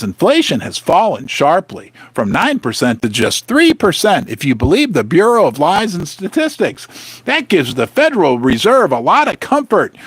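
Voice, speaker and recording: Sarcastic, animated man ranting. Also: high-pitched, dry recording. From United States. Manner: sarcastic, emphatic, indignant. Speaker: host. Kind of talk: ranting livestream commentary.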